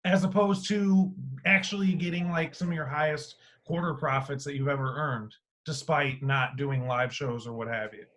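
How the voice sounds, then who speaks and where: A man hosting a casual podcast, talking in an animated way with free swearing, his voice swinging between loud and quiet. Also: high-pitched. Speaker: podcast host.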